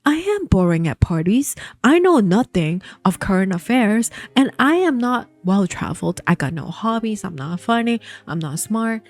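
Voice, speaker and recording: A woman's voice: mid-range voice, big pitch swings, moderate pace, few pauses. A woman voicing a meek, self-doubting young wife who runs herself down, during a book storytime. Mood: resigned. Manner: self-deprecating.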